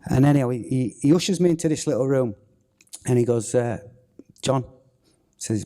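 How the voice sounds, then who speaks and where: A man, a former footballer telling a lively, swearing anecdote on a theatre stage. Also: medium pitch, normal speed, long pauses. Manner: swearing, animated anecdote telling with acted-out quotes. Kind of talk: on-stage storytelling. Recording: reverberant theatre hall.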